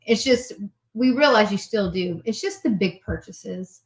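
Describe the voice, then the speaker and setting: A woman mortgage lender talking casually, relaxed and conversational, quoting her clients. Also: medium pitch, normal speed, rough recording. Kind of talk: casual chat.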